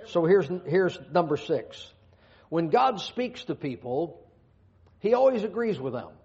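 Folksy preacher, slightly high voice. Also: male voice, big pitch swings, a little slow, a little mellow. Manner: folksy, joking asides between scripture readings. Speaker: pastor. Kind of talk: sermon. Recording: dull lo-fi sound.

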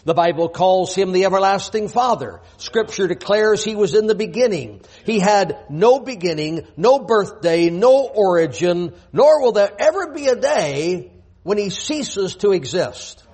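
Husky high-voiced preacher man. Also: lively intonation, a little slow, a little mellow. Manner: emphatic, rhetorical questions, reads scripture aloud. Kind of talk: sermon. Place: church.

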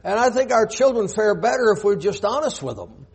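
Husky high-voiced preacher man. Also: very animated, a little fast. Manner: emphatic, rhetorical questions, reads scripture aloud. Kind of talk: sermon. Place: church.

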